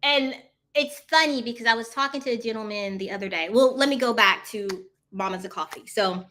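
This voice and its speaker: This woman's fairly high voice is brisk, pushed, and bright. Running a casual live coffee chat, she wanders from topic to topic, laughs frequently, and answers viewer comments head-on, talking to them as y'all.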